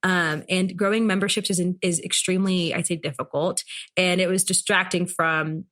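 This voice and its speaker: A woman's voice: on the low side, level tone, moderate pace, a bit bright. A woman in her thirties, a business founder talking as a podcast guest in a chatty, playful way with plenty of fillers. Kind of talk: casual interview chat.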